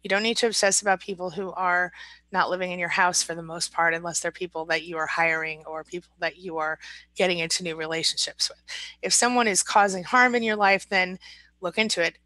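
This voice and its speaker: A woman in her forties with a bright, forceful voice hosts a live stream, reading out viewer comments. She answers them with chatty, reassuring advice as a support coach. The sound is dry and close. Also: fairly low pitch, fairly even intonation, a little fast, no room sound, poor audio. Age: 40s. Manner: reassuring, chatty, frequent restarts and fillers.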